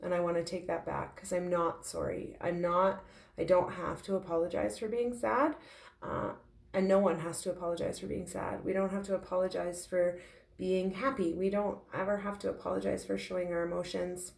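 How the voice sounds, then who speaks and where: A tearful woman speaks in a heartfelt, halting way in a personal confessional vlog. Her voice sits low and has a gravelly edge. The recording sounds roomy and echoey. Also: fairly even intonation, darkish tone. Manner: heartfelt, halting, with frequent fillers. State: tearful, emotional. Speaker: intuitive medium sharing her grief.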